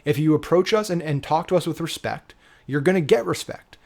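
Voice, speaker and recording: A man's voice: a little high, brisk, vocal fry, a little mellow. A man giving a casual, emphatic marketing lesson, often checking in with "right?" and swearing casually. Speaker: digital marketing coach. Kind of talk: casual instructional talk.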